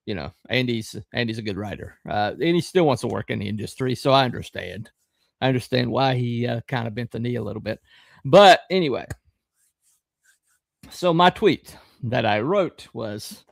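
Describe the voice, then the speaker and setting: A middle-aged man hosting a podcast, talking in a rambling, halting way with lots of fillers and a wry, sarcastic edge. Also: medium pitch, lively intonation, vocal fry, no room sound, studio quality. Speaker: podcast host. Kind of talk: casual live-stream commentary.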